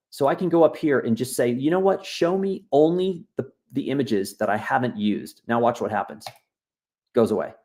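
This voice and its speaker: A man leading a live online bookmaking workshop, walking viewers through software in a loose, chatty, encouraging way while he clicks around. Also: mid-range voice, vocal fry. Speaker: workshop instructor. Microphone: video call.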